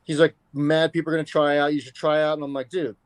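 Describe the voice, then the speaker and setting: Fast-talking man telling a story, dry sound. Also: a little high, level tone, dry recording. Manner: loose, profane, acts out quotes. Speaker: fighter being interviewed. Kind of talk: casual storytelling.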